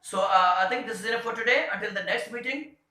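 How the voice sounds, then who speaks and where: A man teaching a grammar lesson, hesitant with many fillers, slowing down to read example sentences aloud. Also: sits high, sharp tone. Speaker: English teacher. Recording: very echoey room.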